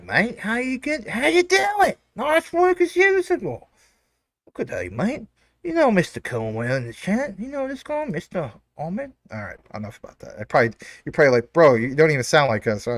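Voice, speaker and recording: A man's voice: mid-range voice, fairly bright tone, no echo, clean studio sound. A man hosting a casual livestream, reading viewer comments in a rambling, filler-heavy way. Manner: rambling, many fillers, chatty asides. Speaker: crypto livestream host.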